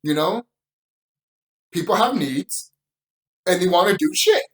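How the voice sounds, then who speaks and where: A man reviewing a show in a loose, unscripted rant. His pitch swings widely as he gets worked up, and he swears freely and laughs often. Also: measured pace, rough recording. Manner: animated, profane ranting with frequent laughter. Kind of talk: casual opinion commentary.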